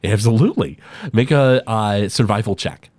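Low-voiced man running a tabletop game. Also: expressive, darkish tone, no room sound. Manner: halting narration with many uhs. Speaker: game master.

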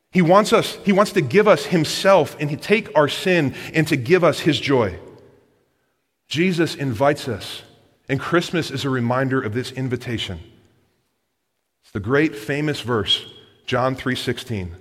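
A man preaching a sermon to his congregation, moving between hushed earnest passages and loud excited ones and putting questions straight to the listeners. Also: mid-range voice, a little slow, pauses often, slightly rough. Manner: asks the congregation direct questions. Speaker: pastor. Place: large church hall with congregation. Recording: long hall reverb.

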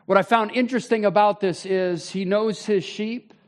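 Animated high-voiced male preacher. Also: normal speed. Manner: animated, conversational preaching with sudden loud bursts. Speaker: pastor. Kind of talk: sermon.

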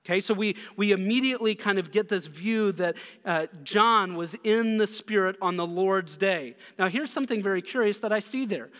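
A man preaching a sermon who reads scripture slowly and softly, then explains it with quick restarts. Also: sits high, big-room sound. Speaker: pastor.

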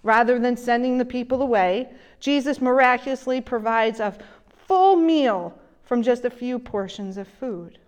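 A woman delivering a sermon in a slow, gentle way, her voice dropping soft and low when she quotes someone. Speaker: preacher.

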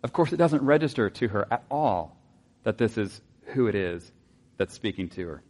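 A man preaching a sermon in a conversational way, asking his listeners rhetorical questions and dropping into soft asides. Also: fairly low pitch, lively intonation, moderate pace. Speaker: pastor.

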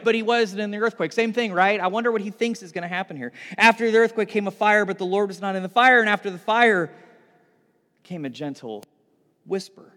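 A man preaching a sermon, retelling a scripture story with animated, excited delivery and frequent restarts. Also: high-pitched, big-room sound. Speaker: pastor.

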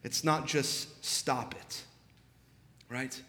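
A young man preaching a sermon as pastor, in a conversational style with animated storytelling and quick asides. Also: mid-range voice, in a large hall. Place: church sanctuary.

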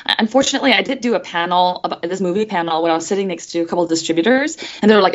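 A woman who voices animated characters, chatting in a guest interview in a bubbly, giggly way and acting out the voices she quotes. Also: fairly low pitch, rapid-fire, highs cut off. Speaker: guest voice actress. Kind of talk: casual interview chat.

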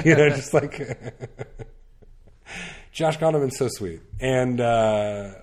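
A man's voice: medium pitch, a little slow, darkish tone. A man chatting casually on a podcast, rambling with lots of fillers and restarts, laughing now and then. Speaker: podcast guest recommending media. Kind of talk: casual chat.

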